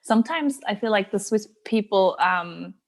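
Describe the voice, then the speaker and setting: A woman's voice: mid-range voice, animated, moderate pace. A woman in her thirties, a podcast guest speaking English in a thoughtful, word-searching way. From Germany. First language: German. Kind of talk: casual interview chat.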